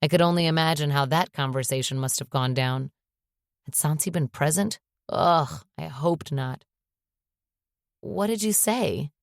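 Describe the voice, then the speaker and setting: Low-pitched female audiobook narrator, expressive first-person read, dry close mic. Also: moderate pace, dry recording.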